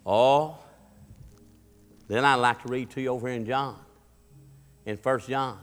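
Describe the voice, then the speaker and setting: A man's voice: mid-range voice, steady tone, a little slow, long pauses, soft background music. A man preaching a sermon in a fervent, folksy way and telling a story from the pulpit. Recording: long hall reverb.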